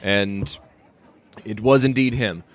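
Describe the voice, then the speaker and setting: A man's voice: fairly low pitch, takes it slowly. Profane ranting man, faint Boston tinge. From Boston area. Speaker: podcast co-host. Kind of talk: casual sports chat.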